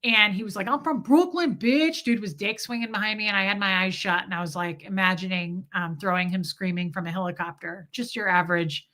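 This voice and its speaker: A woman's voice: on the low side, level tone, fairly quick, few pauses, bright, forceful tone. A tired woman in her forties telling a story on a live stream, rambling and swearing and reading viewer comments aloud. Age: 40s.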